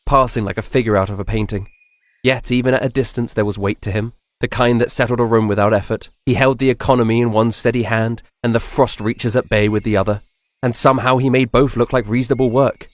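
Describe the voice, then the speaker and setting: A man narrating a fantasy story in a measured, soft-spoken, descriptive scripted style. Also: medium pitch, no echo.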